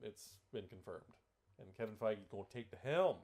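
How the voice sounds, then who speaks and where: A man's voice: lowish voice, lively intonation, normal speed, a little mellow. A man co-hosting a podcast in casual chat. He rambles, swears freely and keeps steering the topic. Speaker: podcast co-host.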